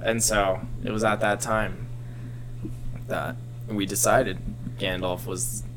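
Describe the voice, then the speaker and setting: A man in casual chat who retells a story in a rambling, animated way, full of filler words. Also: on the low side, slow, over music.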